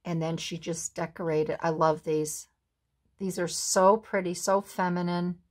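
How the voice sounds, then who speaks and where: Slow, gushing woman crafter. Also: fairly low pitch, level tone. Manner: gushing, admiring, with many fillers. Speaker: craft vlogger. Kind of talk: unboxing show-and-tell.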